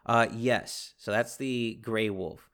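A man hosting a casual history podcast, telling the story with animated bursts and acted-out quotes. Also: medium pitch, slow, clean tone. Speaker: podcast host.

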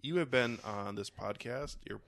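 A young man hosts a podcast in a loose, rambling way, swearing offhandedly as he talks. His voice sits at an ordinary middle pitch, and the recording is dry and close. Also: normal speed, creaky, fairly bright tone, dry recording. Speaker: podcast host. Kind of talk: casual chat.

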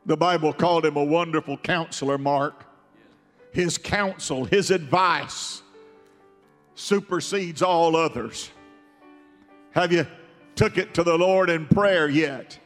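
A male preacher delivering a fervent sermon, repeating phrases and building to shouts. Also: high-pitched, long reverb tail.

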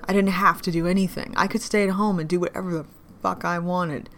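An actress playing a drunk woman in an audio drama monologue, grieving and bitter, her voice shifting between whispers and louder outbursts. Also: fairly low pitch, fairly even intonation, fairly quick, lightly acted. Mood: angry.

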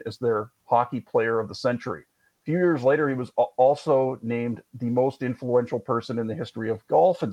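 A man's voice: mid-range voice, darkish tone, low-quality recording. A man hosting a podcast, telling sports history in a chatty, wry way with jokey asides. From Canada. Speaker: podcast host. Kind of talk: conversational history storytelling.

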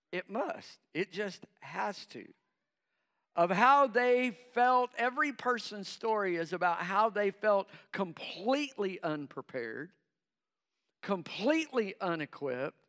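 A man's voice: sits high, animated, slow pace, fairly bright tone, smooth. A middle-aged man preaching a sermon to his congregation. He breaks in with call-and-response asides and acts out the voices of nervous believers. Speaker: pastor.

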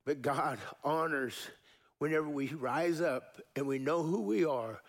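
Male pastor, middle-aged, high gravelly voice, sermon with call-and-response. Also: measured pace. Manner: call-and-response preaching, varying pace and emphasis.

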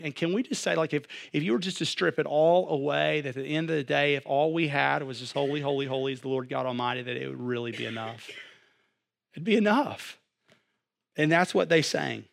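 A young adult man preaching a sermon, animated, swinging from loud to hushed. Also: on the high side, vocal fry. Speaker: pastor.

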